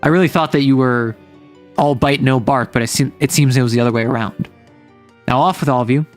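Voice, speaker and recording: A man's voice: mid-range voice, fairly quick, soft background music, lightly acted. A man voicing a cold, condescending handler. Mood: stern. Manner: curt, commanding.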